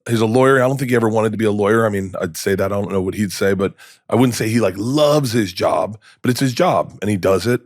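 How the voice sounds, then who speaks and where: A man's voice: lowish voice, quick pace, no room sound, studio quality. A middle-aged man, a comedian guest, telling candid stories in a podcast interview, rambling and restarting, with emotion showing through.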